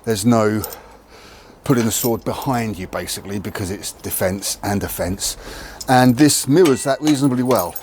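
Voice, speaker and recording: The host of a martial arts channel demonstrates training outdoors near a tree, explaining it candidly and matter-of-factly in a casual way to camera. His voice sits on the low side, a little mellow, at normal speed, with slight background noise.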